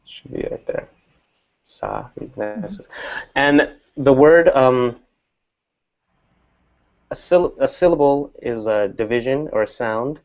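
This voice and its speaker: A man's voice: medium pitch, slow, pauses often, muffled recording. A man teaching an English class, explaining patiently and repeating example words.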